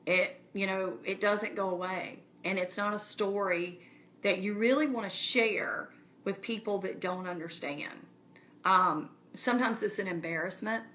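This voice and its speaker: A woman's voice: mid-range voice, steady tone, a little slow, a bit bright. A woman speaking casually and earnestly to her viewers, encouraging them directly. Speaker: speaker addressing her community. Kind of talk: casual live-stream address.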